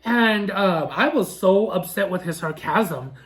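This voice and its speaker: Man, food vlogger, story time, indignant, chatty, fairly high voice. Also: a little slow. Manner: animated, indignant storytelling with lots of fillers; re-enacts dialogue in shifting voices.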